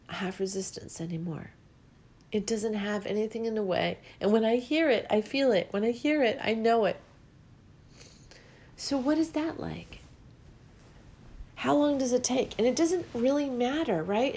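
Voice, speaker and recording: A woman's voice: on the high side, darkish tone. A woman giving a reflective spiritual talk about listening to the body, earnest and repetitive, her voice rising with feeling and at times close to tears.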